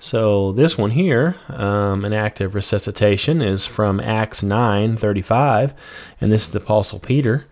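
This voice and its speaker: A man teaching a laid-back Bible study speaks a little slowly in a lowish voice. He reads scripture and then paraphrases it in everyday language, with frequent "um" and "you know".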